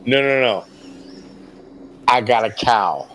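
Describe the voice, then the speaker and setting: A man's voice: medium pitch, expressive, slow, fairly bright tone, rough recording. A man playing a tabletop role-playing game, talking in a stammering, rambling, apologetic way. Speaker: player. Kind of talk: casual tabletop role-play.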